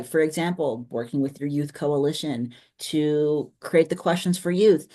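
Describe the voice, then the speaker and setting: A trainer giving an online workshop in a conversational way, often checking in with quick tag questions. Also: mid-range voice, a little mellow.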